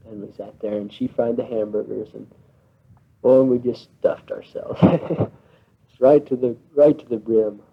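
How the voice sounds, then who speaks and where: A man's voice: on the low side, husky. A young American man on a mission abroad, chatting on a tape letter to his family at home, laughing often and sounding homesick. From United States. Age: young adult. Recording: lo-fi 1960s home tape, phone-like band.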